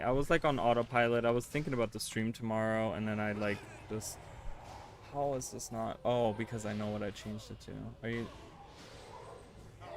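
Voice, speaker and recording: A man's voice: lowish voice, background noise. A man streaming a game live, chatting to his viewers in a casual, easily flustered and exasperated way. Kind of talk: casual livestream chat while gaming.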